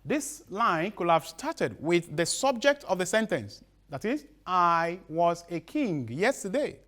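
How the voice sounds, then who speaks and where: Man, broadcast teacher, lively intonation, slow repeated definitions, halting restarts. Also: high voice. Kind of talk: broadcast lesson.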